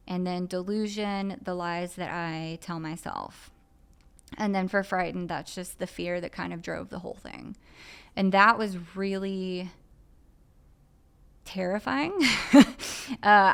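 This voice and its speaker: A woman's voice: on the low side, clean tone. A woman speaking candidly and earnestly on a podcast about her own recovery, with frequent filler phrases. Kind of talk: candid personal podcast talk.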